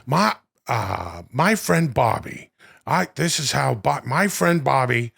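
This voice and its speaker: A man doing a gravelly, rambling old movie-star impression. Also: mid-range voice, very animated, slow pace, a bit bright, exaggerated voice. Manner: muttering, looping one phrase over and over. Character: gruff older male film star rambling about his pal.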